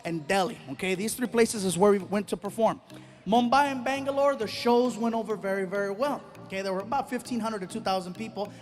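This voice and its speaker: A male stand-up comedian telling a travel story, animated, with loud bursts and exaggerated yelps. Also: extremely high pitch.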